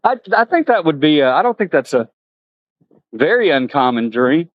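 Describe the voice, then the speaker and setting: A man's voice: a little high, sing-song, moderate pace, no echo, narrow, tinny audio. A man vlogging outdoors at a zoo, chatting to viewers and talking to the animals. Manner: chatty, laughs often, talks to animals. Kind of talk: casual chat to viewers.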